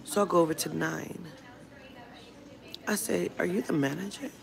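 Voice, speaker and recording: Gravelly low woman ranting over music. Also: moderate pace, crowd noise. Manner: blunt and profane, retelling a run-in. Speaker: vlogger. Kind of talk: casual storytime rant. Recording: music playing under the voice.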